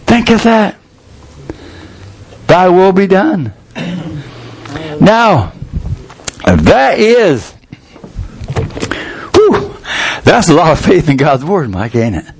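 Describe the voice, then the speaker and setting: Older male preacher, slightly high voice, folksy storyteller who builds to fervent peaks. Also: wildly swooping pitch, very slow, long pauses. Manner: folksy, colloquial storytelling with rising fervor. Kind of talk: sermon.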